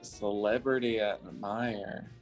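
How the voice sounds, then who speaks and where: A man's voice: lowish voice, steady tone, slow pace, faint music behind. Chatty American man, laughing often. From South Carolina, USA. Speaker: guest. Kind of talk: casual interview chat.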